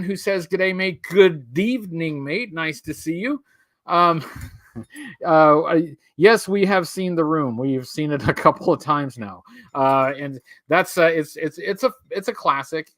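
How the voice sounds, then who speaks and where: A man's voice: a little high, fairly bright tone, no room sound. A man hosting a live stream, chatting casually in a rambling, wry way and drifting off topic while he talks to viewers.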